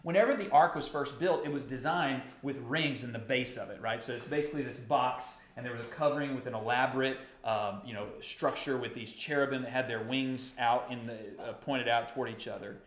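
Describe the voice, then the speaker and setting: A man preaching a sermon, animated and building to impassioned outbursts. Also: medium pitch, a little fast, few pauses, roomy sound. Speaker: pastor.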